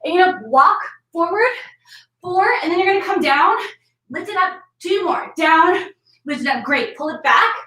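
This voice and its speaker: A woman's voice: very high-pitched, expressive, normal speed, bright, forceful tone. A woman fitness instructor leading a workout class and telling a story, upbeat as she counts out moves. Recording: roomy, from mic distance.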